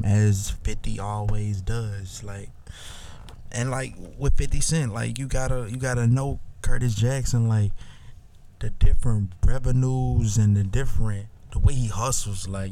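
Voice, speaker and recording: A man's voice: medium pitch, dark tone, slight background noise. A man hosting a podcast, talking in a loose, rambling way and leaning on "listen" and "you know what I'm saying". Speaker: podcast host. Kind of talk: casual podcast commentary.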